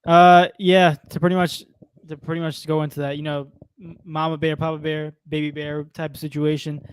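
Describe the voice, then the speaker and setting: A young man co-hosting a sports show, talking through contracts and stats in a relaxed way. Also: a little high, moderate pace, clean tone, dry recording. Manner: relaxed, lists stats and numbers. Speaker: podcast co-host. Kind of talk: casual sports talk.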